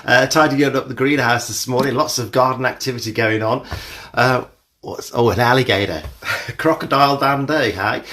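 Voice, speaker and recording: A man runs a live exercise class from a room at home. He greets each viewer by name with light jokes, then settles into steady, clear cues for posture and movement. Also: mid-range voice, normal speed, echoey room, distant mic. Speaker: fitness instructor.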